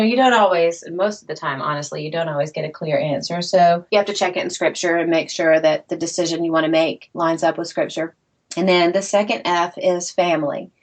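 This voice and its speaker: A middle-aged woman, an interview guest and author, telling her story in a lively, self-deprecating way and laughing often. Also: on the low side.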